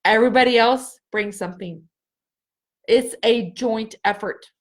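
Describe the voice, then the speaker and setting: A middle-aged woman hosting a live spiritual healing session, speaking slowly and earnestly and repeating phrases for emphasis. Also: on the high side. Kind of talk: live energy-healing reading for viewers.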